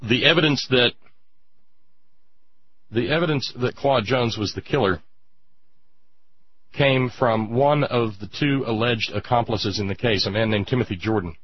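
A man delivering an impassioned political monologue as a radio commentator, indignant, with drawn-out emphatic pauses. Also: mid-range voice, husky, dry recording, lo-fi sound.

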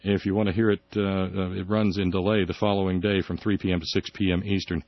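A man hosting a satirical talk radio show, sarcastic, often jumping into high mocking tones. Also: little pitch movement, quick pace, dry recording. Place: radio studio. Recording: dull dry radio broadcast.

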